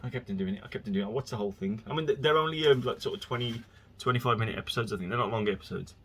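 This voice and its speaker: A man's voice: lowish voice, very fast, noisy background. A man hosting his own podcast, rambling casually from topic to topic and slipping into exasperated rants. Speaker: podcast host.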